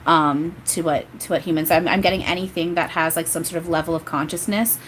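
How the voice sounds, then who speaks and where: A woman's voice: deep voice, steady tone, a little fast, slight background noise, low-quality recording. A young woman doing live spiritual readings on a stream, rambling and emotional with many restarts. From grew up Catholic. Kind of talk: live-stream chat and channeling.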